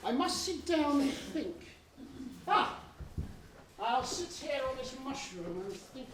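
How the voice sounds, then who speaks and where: A woman's voice: high voice, very animated, slow, background noise, heavily acted. A woman playing a blustering, pompous villainous pirate captain in an amateur stage pantomime, recorded from far off in an echoey hall. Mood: scheming. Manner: theatrical, shouting orders, scheming.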